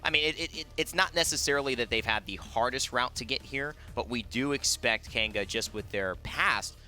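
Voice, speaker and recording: A man's voice: medium pitch, brisk, sharp tone. A man hosting a live esports analysis desk, talking in an upbeat, chatty way with some restarts.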